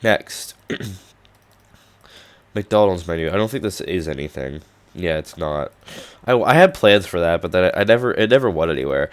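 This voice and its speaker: Young male, low-pitched, hoarse from losing his voice; offhand, filler-heavy screen-share narration. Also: animated, moderate pace. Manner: rambling with many "like" and "um" fillers. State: losing his voice, clearing his throat. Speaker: hobby programmer showing his projects. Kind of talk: casual screen-recorded walkthrough.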